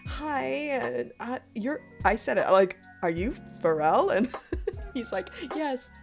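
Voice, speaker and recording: Animated, high-voiced woman radio host. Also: takes it slowly, vocal fry, soft background music. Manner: animated storyteller, laughs often. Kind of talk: bilingual casual chat.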